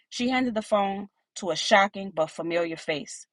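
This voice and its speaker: A woman's voice: mid-range voice, moderate pace, hardly any pauses, a bit bright, no room sound. A woman narrating a first-person audiobook in a plain, conversational storytelling manner.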